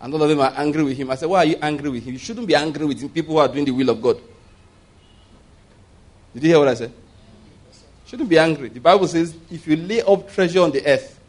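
Conversational preacher, high-ish man's voice. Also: quick pace, long pauses. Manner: conversational, rhetorical questions, call-and-response. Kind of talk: sermon.

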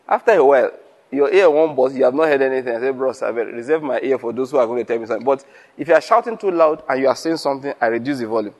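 A man preaching, chuckling and asking rhetorical questions. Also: a little high. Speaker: pastor. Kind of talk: teaching sermon.

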